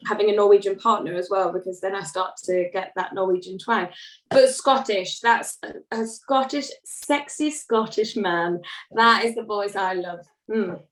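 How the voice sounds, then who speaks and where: A woman singer chatting as an interview guest, laughing often and poking fun at herself. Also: fairly high pitch. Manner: chatty, laughing, self-deprecating. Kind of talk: casual interview chat. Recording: roomy sound, distant from mic.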